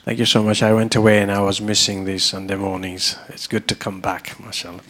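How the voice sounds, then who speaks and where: A man's voice: fairly low pitch, little pitch movement, a little fast, background noise. A man attending a religious class, politely asking a searching question while thinking aloud.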